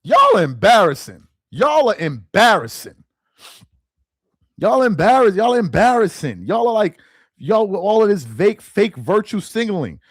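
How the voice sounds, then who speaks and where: Husky and high, this man's voice swings widely in pitch as he rants unhurriedly on his sports commentary channel. Exasperated, he keeps repeating phrases for emphasis, with no echo in the recording.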